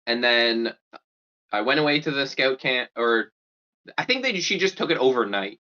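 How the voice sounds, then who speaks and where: A young podcast co-host chats casually, telling stories animatedly and acting out the voices and quotes in them. His mid-range voice moves at normal speed, and the recording sounds dull and lo-fi.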